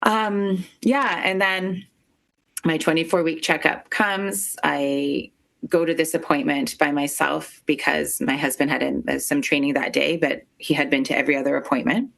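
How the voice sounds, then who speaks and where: A woman telling a painful personal story as an interview guest, halting and emotional, with many filler words. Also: low voice, fairly even intonation, vocal fry, a bit bright.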